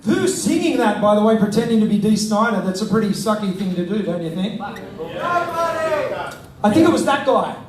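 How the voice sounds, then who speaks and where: A man's voice: sits high, sing-song, normal speed, long pauses. A man hosting a live on-stage interview, joking and rousing the crowd. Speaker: host. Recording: echoey, distant live-room sound with faint noise.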